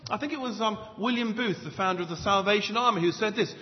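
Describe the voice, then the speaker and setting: A man preaching a sermon in a church, emphatic, with loud stresses and soft low asides. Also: fast talker. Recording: dull lo-fi sound with long hall reverb.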